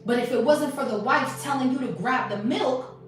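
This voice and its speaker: Speaking at normal speed in a high voice, a tarot reader gives blunt, cuss-filled, sermonizing spiritual talk and plays out quoted exchanges. She's recorded from a distance in a very echoey space, with faint music behind her.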